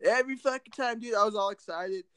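A man's voice: sits high, fast, fairly bright tone, clear, resonant tone, dry recording. A man co-hosting a podcast, telling casual stories full of swearing and "dude". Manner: profane, laid-back storytelling with lots of "dude". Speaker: podcast co-host.

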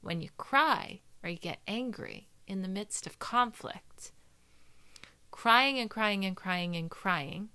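A woman's voice: mid-range voice, sharp tone, clean tone. A woman in her thirties giving frank, casual advice in a monologue, swearing freely, mimicking people mockingly and laughing at herself.

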